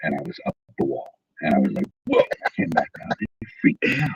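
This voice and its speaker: A man with a very husky, low voice tells a story in lively conversation, his pitch rising and falling widely as he acts out what others said. The sound is dull and lo-fi. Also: a little fast. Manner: animated, acts out quotes.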